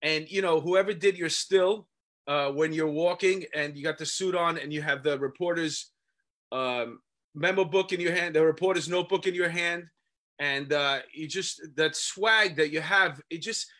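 A man with a New York accent and a bright, forceful, fairly high voice. He talks in an animated, emphatic way, stumbling over fillers as the words pour out. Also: normal speed. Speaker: actor, co-host. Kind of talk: casual chat.

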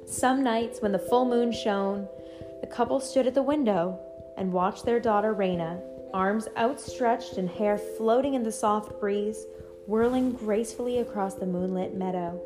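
A woman storyteller reading a bedtime story aloud in a gentle, even narrating voice. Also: medium pitch, unhurried, music in the background.

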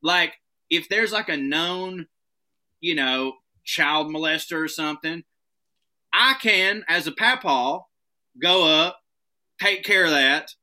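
A man telling comic stories in casual podcast talk, animated and profane, often laughing as he goes. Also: a little high, slow, long pauses. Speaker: podcast guest.

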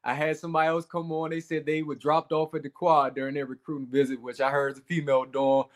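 A man hosting a sports podcast, asking his guest questions in a relaxed, conversational way. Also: fairly high pitch, fast. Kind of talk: casual sports talk interview.

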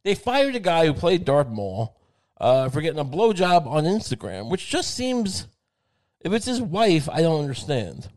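A man's voice: on the high side, very animated, moderate pace, darkish tone. A man delivering a rambling comedic monologue in a sardonic, crude tone. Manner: rambling and sardonic, with frequent fillers and crude swearing.

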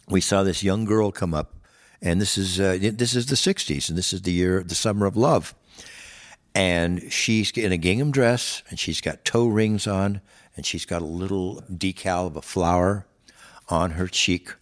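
An older man, a guitarist, casually telling stories from his touring days, rambling with restarts and acting out what people said. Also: sits low. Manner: rambling, with restarts and acted-out quotes. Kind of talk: casual storytelling.

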